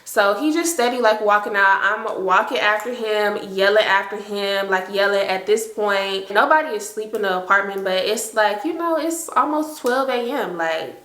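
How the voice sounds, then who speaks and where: A young woman, telling an animated, slangy storytime to her viewers. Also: mid-range voice, normal speed, few pauses, roomy sound. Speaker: storytime vlogger. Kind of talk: casual storytime.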